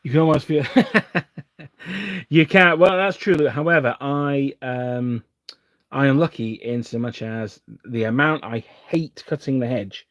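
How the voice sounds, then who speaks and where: A man's voice: medium pitch, measured pace, dry recording. English man, live stream host, casual rambling chat, chuckles often, dry close sound. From England.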